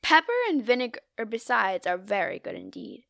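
A woman's voice: fairly high pitch, very animated, moderate pace, vocal fry, fairly bright tone, no room sound, studio quality, heavily acted. Woman voicing a coaxing, crafty walrus. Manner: coaxing, falsely sympathetic. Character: smooth-talking, crafty male walrus.

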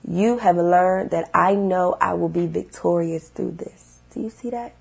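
A young woman talking earnestly to her viewers about faith and getting through hard times, repeating herself and swinging from hushed to loud. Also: mid-range voice, fairly even intonation, a little slow, creaky, breathy edge. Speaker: vlogger. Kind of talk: emotional faith-filled vlog monologue.

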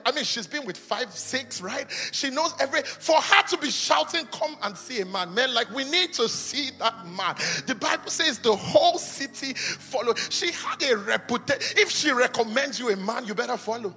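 Male preacher, sharp bright high voice, impassioned sing-song sermon, reverberant hall, faint music behind. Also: lively intonation, moderate pace, hardly any pauses. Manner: impassioned, often shouting and sing-song cadence. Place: church auditorium.

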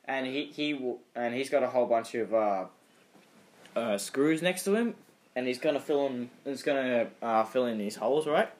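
With a mid-range, animated voice at a normal speed, a young Aussie podcast co-host rambles through stories during casual conversation, acting out other people's voices as he goes.

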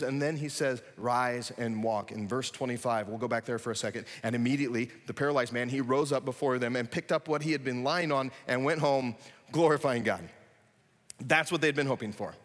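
A man preaching a sermon, animated, acting out scenes with sudden loud excited bursts. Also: mid-range voice, fast, long reverb tail. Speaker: pastor.

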